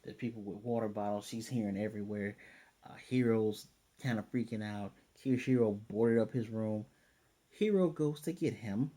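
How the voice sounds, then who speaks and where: A young man casually recapping a cartoon episode, rambling and slipping into quick quoted asides. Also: lowish voice, warm tone. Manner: rambling, retells scenes with quick voiced asides. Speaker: anime reviewer.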